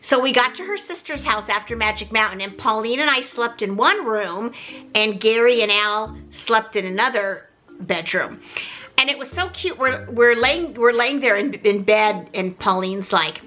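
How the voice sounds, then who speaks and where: A middle-aged woman telling a story in a casual, animated way, often talking straight to the viewers. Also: fairly high pitch, moderate pace, soft background music. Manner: animated, chatty, keeps addressing viewers. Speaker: mother telling her story.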